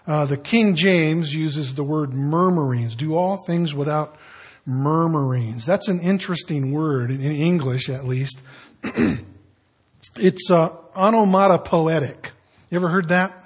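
Husky-voiced man preaching a sermon. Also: on the high side. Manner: conversational preaching with storytelling and hushed asides. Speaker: pastor.

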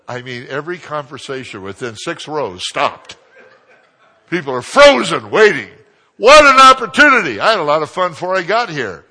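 An older man preaches with a loud, forceful voice that cuts through the room. He tells anecdotes to the congregation, sliding between quiet asides and booming punchlines. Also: normal speed. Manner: lively anecdotal preaching, swinging from hushed to booming. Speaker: pastor. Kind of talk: sermon storytelling.

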